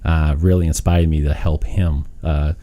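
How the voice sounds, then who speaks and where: Casual interview guest: man, very low and mellow voice, loose and chatty. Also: little pitch movement, moderate pace. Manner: chatty, laughs easily, many fillers and restarts. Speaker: real estate agent guest.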